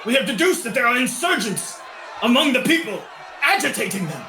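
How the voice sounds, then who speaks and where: Man voicing a bellowing authoritarian noble officer, bright and tense, echoey room. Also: extremely high pitch, sing-song, fairly quick, faint music behind, a faint crowd, full character voice. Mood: weary. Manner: commanding, shouting proclamations. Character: stern male noble commander, authoritarian.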